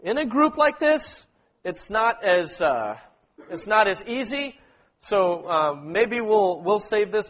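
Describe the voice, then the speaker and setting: A man's voice: high voice, a bit bright, lo-fi sound. A man leading a church meeting, preaching and prompting the group to read verses aloud together, often asking "okay?" and answering "amen.". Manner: exhorting, repeats words, prompts the congregation with "okay?" and "amen". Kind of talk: sermon with group scripture reading.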